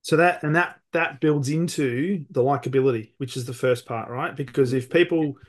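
A man hosting a podcast interview, thoughtful, summing up his guest's points with pauses and restarts. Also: mid-range voice. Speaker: podcast host.

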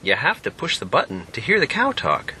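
A man's voice: mid-range voice, huge pitch swings, brisk, bright, forceful tone, slight background noise, pitched above the performer's own voice, full character voice. Sardonic young man, done by the narrator; dry, mocking. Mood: sarcastic. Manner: sarcastic and dry.

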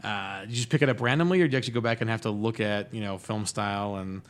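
A man's voice: lowish voice, racing. A man hosting a podcast, asking rambling, enthusiastic questions in casual chat. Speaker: podcast host.

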